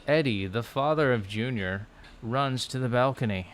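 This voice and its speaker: A man vlogging from a low couch at home into his laptop, musing aloud in a loose, rambling way full of "like" and restarts. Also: normal speed, smooth. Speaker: language-learning vlogger. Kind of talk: casual rambling chat. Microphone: laptop microphone.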